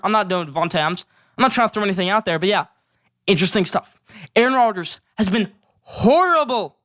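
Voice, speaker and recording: A man's voice: high voice, a bit bright, dry recording, studio quality. A young man hosting a solo sports show, running hyped, emphatic segments and repeating his points. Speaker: sports podcast host.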